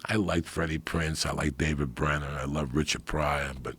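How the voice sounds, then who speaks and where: Speaking at a moderate pace with fairly even intonation, a middle-aged comedian guest tells casual stories in a blunt, profane, streetwise manner. His pitch is extremely low, the tone a bit bright, the texture gravelly and raspy.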